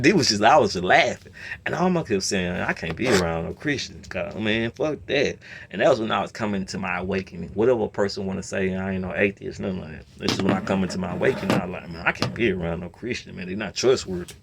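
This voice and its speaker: Animated man telling a story. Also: fairly quick, gravelly, breathy edge. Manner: animated, swings between low mutter and loud outbursts. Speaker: storyteller host. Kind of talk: casual storytelling rant.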